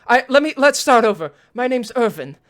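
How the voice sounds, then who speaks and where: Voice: medium pitch, big pitch swings, a little fast, fairly bright tone. A game master voicing a shy, polite young man who talks like an eager kid. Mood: apologetic. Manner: apologetic, eager to please.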